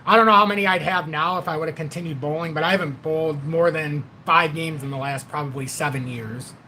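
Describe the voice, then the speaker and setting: A man in his forties hosts a casual livestream, rambling bluntly and swearing freely. His voice sits a little high for a man, bright and forceful with a steady tone, and he talks a little fast. Faint hiss runs under the voice.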